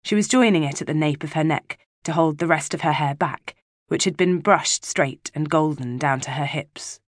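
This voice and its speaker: A woman narrating a novel as an audiobook reader, measured and even, close to the mic. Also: low-pitched, no room sound. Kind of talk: scripted narration.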